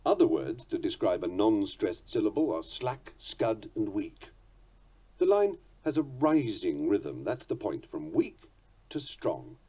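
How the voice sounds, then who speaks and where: Man, low husky voice, lively intonation, measured audiobook narration. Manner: measured, articulate, playfully precise delivery, chanting rhythms aloud. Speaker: reader of a book on poetry.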